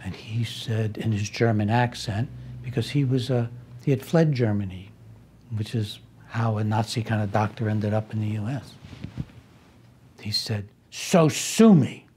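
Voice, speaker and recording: A man's voice: fairly low pitch, steady tone, moderate pace, mellow, a little hiss or hum. A man telling a personal story in a conversational way, with wry asides and restarts. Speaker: speaker recounting a personal conflict.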